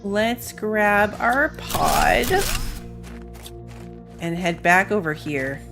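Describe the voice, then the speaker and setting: A woman's voice: mid-range voice, expressive, very slow, vocal fry, music in the background. A tired woman with school-age kids, chatting casually while playing a game, rambling and yawning now and then. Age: adult with school-age kids. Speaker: gaming streamer. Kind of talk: casual let's-play commentary.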